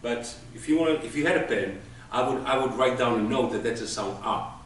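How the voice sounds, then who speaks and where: A Hebrew teacher with a medium-pitched voice speaks fairly quickly in a classroom lesson, explaining patiently through everyday examples. He's recorded from far off in an echoey room with faint background noise.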